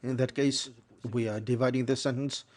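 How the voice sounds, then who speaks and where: With a medium pitch and a steady, darkish tone, a man walks through an English lecture on interpreting at a measured pace. He frequently corrects himself as he goes.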